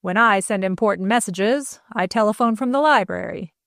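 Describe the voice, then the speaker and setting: A woman's voice: medium pitch, normal speed, fairly bright tone, dry recording, studio quality, close to an everyday voice. A woman reading aloud, voicing a paranoid, malicious older stepfather who speaks testily and commands those around him. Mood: commanding. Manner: testy, commanding, secretive.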